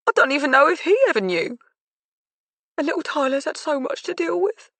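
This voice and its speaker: A woman's voice: sits high, lively intonation, a little fast, a bit bright, no echo, voice pushed up. A woman voicing a grieving mother of a dead teenage daughter, her voice climbing and breaking as she talks. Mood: anguished.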